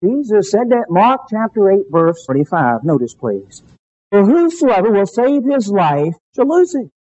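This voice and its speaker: A male preacher with a high, lively voice that leaps up and drops low as he drives home each point. He delivers a fervent, emphatic sermon full of dramatic pauses. The recording sounds dull and lo-fi.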